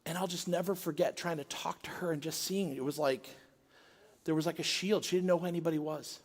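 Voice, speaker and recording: Middle-aged guy pastor preaching, fairly high voice, long echo of a big church hall. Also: fairly even intonation, fairly quick. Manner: conversational storytelling preacher. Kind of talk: sermon. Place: church sanctuary.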